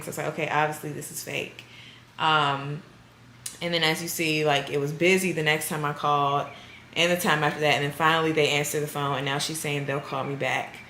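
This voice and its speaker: A woman talks to her camera in a loose, chatty vlog style, recounting her day with amused exasperation. Her voice sits on the lower side. The room around her is roomy and echoey, with a faint hiss of noise beneath. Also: sharp tone. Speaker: vlogger.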